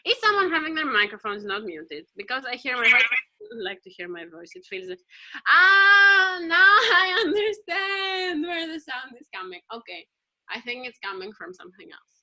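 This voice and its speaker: A woman's voice: fairly high pitch, bright, forceful tone, rough recording. A woman performing an improvised spoken piece over a video call, musing, rambling and asking questions aloud.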